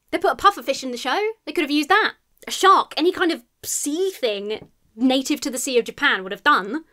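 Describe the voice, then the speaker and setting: A woman's voice: on the high side, fairly bright tone. Sweary, sarcastic woman reviewer. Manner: sarcastic and exasperated, swears freely. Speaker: YouTube film reviewer. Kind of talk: scripted commentary review.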